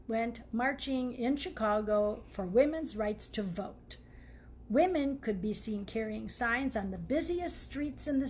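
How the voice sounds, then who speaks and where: A woman author reading her own book aloud in an unhurried storytelling manner, speaking to her viewers. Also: a little high, a little hiss or hum.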